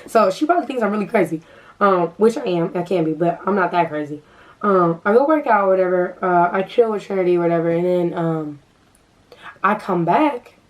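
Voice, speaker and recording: Animated young woman telling a story. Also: on the low side, normal speed, far from the mic. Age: young adult. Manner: animated, acts out dialogue. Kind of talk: casual storytime.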